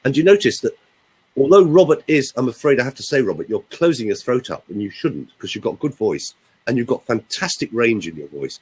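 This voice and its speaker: A man's voice: mid-range voice, husky, rough recording. A man coaching on voice use in an emphatic, demonstrative way, speaking on a group call. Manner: emphatic, animated, demonstrating pauses.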